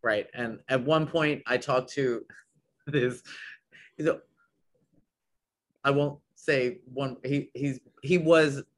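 A man's voice: mid-range voice, fairly even intonation, slow pace, pauses often. A man who owns a business, speaking as a podcast guest with enthusiasm and many trailing restarts. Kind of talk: casual podcast conversation.

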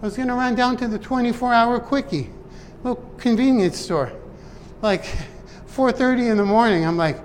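A man's voice: extremely high pitch, normal speed. A man giving an earnest, emotional motivational talk to his viewers, often speaking to himself as if to a friend. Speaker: vlogger. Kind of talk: personal motivational talk to camera. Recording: long reverb and faint ambient noise.

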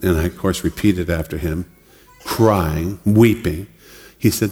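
A man preaching a sermon in a relaxed, conversational way, often laughing and acting out other people's words. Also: low-pitched, unhurried, faint music behind. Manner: conversational, laughs often, acts out quoted voices. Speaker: pastor. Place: church hall. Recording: long reverb of a church hall.

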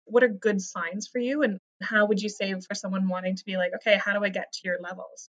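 A woman's voice: medium pitch, steady tone, quick pace, a bit bright, low-quality recording. Upbeat woman host asking questions. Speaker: interviewer. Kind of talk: interview hosting.

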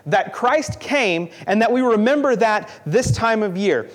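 A man's voice: sits high, animated, unhurried. A young man preaching a sermon in an earnest, conversational way, often repeating himself for emphasis.

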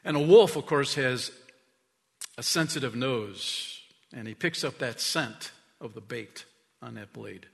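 A man preaching a sermon as pastor, telling stories with emphasis, dropping to a hush and rising to loud calls. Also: medium pitch, unhurried, vocal fry, big-room sound. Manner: emphatic storytelling preacher, swinging from hushed to loud. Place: church sanctuary. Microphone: stage mic.

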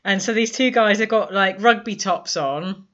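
Bright-voiced woman chatting. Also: mid-range voice, moderate pace. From Britain. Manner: chatty, laughs often, trails off with ums. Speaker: podcast co-host. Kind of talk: casual chat. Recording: dull lo-fi sound.

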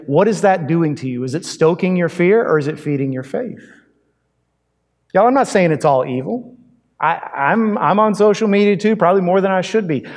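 A male pastor with a slightly high voice preaches in an easy, conversational way. He fires off rhetorical questions and swings between loud and quiet. A long reverb from a large church hall hangs on his words. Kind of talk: sermon.

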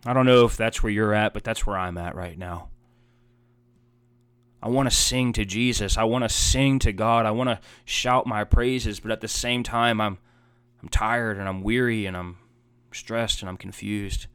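A man's voice: fairly low pitch, fairly even intonation, normal speed, a bit bright, clean tone, no echo. A man preaching a heartfelt sermon as a pastor, earnest and emotional, building emphasis through repeated phrases.

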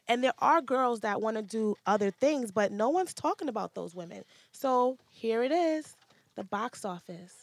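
A woman co-hosting a podcast in a casual chat, animated and playful, sometimes dropping to a hushed aside. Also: on the high side, moderate pace, no room sound. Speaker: podcast co-host.

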